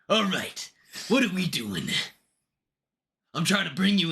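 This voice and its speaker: Excitable young man streaming live. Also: high voice, unhurried, vocal fry, long pauses. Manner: excitable, chatty, talks to viewers by name. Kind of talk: casual live-stream chat.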